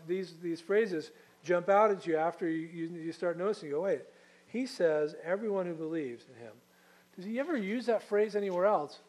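Male pastor, somewhat high voice, chatty storytelling sermon. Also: darkish tone, rough recording. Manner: conversational storytelling, frequent restarts and asides.

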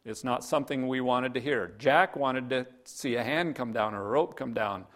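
A man's voice: mid-range voice, normal speed, fairly bright tone. A man preaching a sermon, earnest, quoting scripture and telling a story. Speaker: pastor.

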